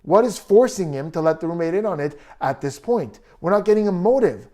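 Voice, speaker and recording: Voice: medium pitch, animated, fairly quick, dark tone. A commentator breaking down a text exchange in a video, building each point through rhetorical questions. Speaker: commentator analyzing text messages.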